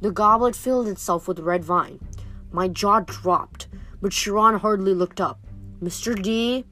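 A woman's voice: mid-range voice, a little slow, bright, forceful tone, faint music behind. A woman reading a novel aloud in a casual, slightly stumbling way. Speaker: reader.

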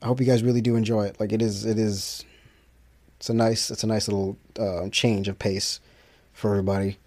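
This man's voice is fairly low with little pitch movement, a darkish tone, and a slightly quick pace. As a self-made musician running his own podcast, he addresses listeners in a loose solo monologue, wandering, restarting, and leaning on fillers.

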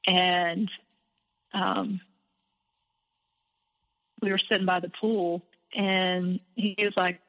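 A woman's voice: fairly low pitch, flat delivery, drawn-out words, pauses often, in a large hall, lo-fi sound. A woman guest on a podcast, telling a personal story candidly and animatedly, with frequent filler words.

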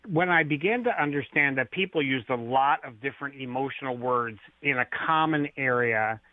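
Over a tinny phone line with no echo, a male author with a mid-range voice guests on a radio interview. He explains his ideas through stories and acts out the lines he quotes.

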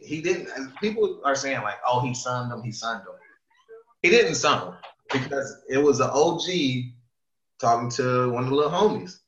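A man chatting casually, retelling a story with animated quoting and plenty of swearing. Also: medium pitch. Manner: animated storytelling, retells quotes with lots of profanity. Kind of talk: casual chat. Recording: echoey room, dull lo-fi sound.

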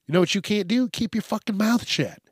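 A man's voice: high-pitched, expressive, fairly quick, slightly rough, dry recording, clean studio sound. A man hosting a podcast, ranting bluntly and profanely in a rambling monologue. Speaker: podcast host.

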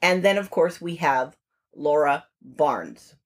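A woman's voice: deep voice, lively intonation, takes it slowly, husky. A woman co-hosting a podcast, recapping a film plot in casual chat with asides. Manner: chatty, recaps plot with frequent asides and laughs. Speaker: podcast co-host. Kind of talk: casual movie review chat.

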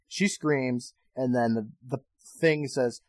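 A man co-hosting a comedy podcast, retelling a TV episode in an animated way with casual swearing. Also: mid-range voice, slow pace, no echo. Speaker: podcast co-host.

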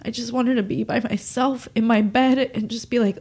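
A woman's voice: a little high, fairly even intonation, moderate pace, creaky, few pauses, a little mellow, breathy edge. A young woman hosting a solo podcast, talking openly and emotionally, rambling with many fillers, nasal and close to tears. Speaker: podcast host.

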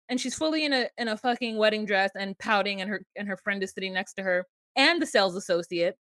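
A woman's voice: on the high side, fast talker, hardly any pauses, fairly bright tone, no room sound, clean studio sound. A woman co-hosting a podcast, casually recapping a reality show with sarcastic, profane commentary and acted-out quotes. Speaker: podcast co-host.

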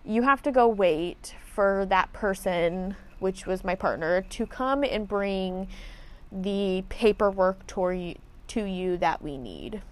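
A woman's voice: medium pitch, animated, slow pace. A woman telling a casual story as a podcast host, blunt and profane as she vents her frustration.

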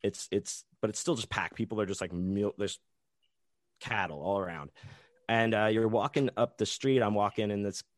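A man's voice: on the low side, normal speed, no echo, clean studio sound. A man guesting on a podcast, telling a rambling, profane anecdote full of restarts and asides.

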